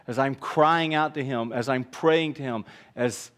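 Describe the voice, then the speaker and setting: A man preaching a sermon as pastor, earnest, dropping quiet and then rising to emphatic repeated lines. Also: medium pitch, unhurried.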